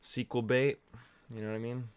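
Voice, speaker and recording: A man giving casual watch-along movie commentary, muttering laid-back reactions with bursts of excitement and casual swearing. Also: medium pitch, a little fast, smooth, no room sound.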